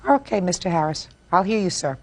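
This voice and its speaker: Brief: fast, no-nonsense female TV judge, lowish voice, sharp questions. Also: lively intonation, slight background noise. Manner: brisk, blunt, cuts people off. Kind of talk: courtroom questioning.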